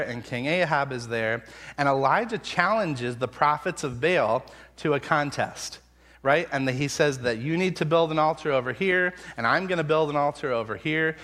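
A man's voice: a little high, fairly bright tone. A man preaching a sermon as pastor, telling the story in a conversational, wry and sarcastic way. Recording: reverberant hall sound.

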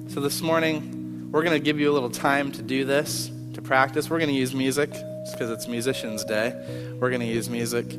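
A man's voice: mid-range voice, fairly even intonation, normal speed. Earnest man preaching in a big hall. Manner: earnest, repeats key phrases, swings from loud to hushed. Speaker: worship leader. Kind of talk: sermon. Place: large church sanctuary. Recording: long hall reverb, faint music.

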